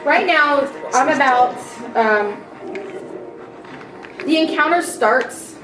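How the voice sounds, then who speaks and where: A woman's voice: high-pitched, animated, slow pace. A woman narrating as game master in a casual, rambling way with many fillers. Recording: echoey room, distant mic, soft music.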